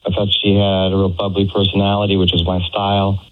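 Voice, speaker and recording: A man's voice: sits low, monotone, fast talker, faint music behind. A man on a phone call telling a radio host his side of a date, hesitant, with many fillers. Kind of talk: telling a story over the phone. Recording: phone line.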